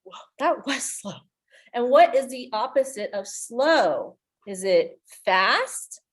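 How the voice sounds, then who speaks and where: A woman's voice: fairly high pitch, very animated, takes it slowly, breathy edge. A young woman, a youth librarian, hosting a virtual children's story time in an upbeat manner, speaking to young kids over a computer mic.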